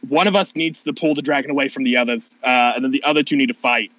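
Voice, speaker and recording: A man voicing a brash warrior woman who swears constantly and barks orders fast. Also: medium pitch, fairly bright tone, no room sound, close to an everyday voice, poor audio. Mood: frantic, bossy. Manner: profane, rapid-fire, exasperated.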